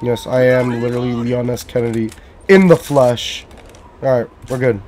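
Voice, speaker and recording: A man's voice: medium pitch, steady tone, moderate pace, darkish tone, slight background noise. A young man from Canada, giving casual, profane commentary as he plays and talks to himself. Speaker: gamer.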